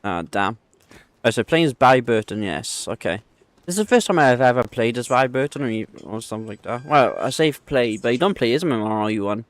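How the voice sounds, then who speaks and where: A man's voice: mid-range voice, animated, fairly quick, dry recording. A man streaming a video game who chats casually with viewers, rambling and correcting himself as he goes. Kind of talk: casual gaming livestream chat.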